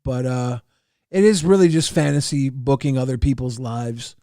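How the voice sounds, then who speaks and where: A man's voice: medium pitch, normal speed, warm tone, dry recording, studio quality. A man hosting a livestream talk show, reading donations with a wry, stammering manner. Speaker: livestream host.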